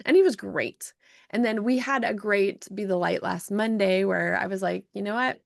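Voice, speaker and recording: A woman hosting a podcast, telling an emotional story in an animated way, with frequent restarts. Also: medium pitch, normal speed, creaky, dry recording, studio quality. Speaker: podcast host and self-published author. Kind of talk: casual storytelling chat.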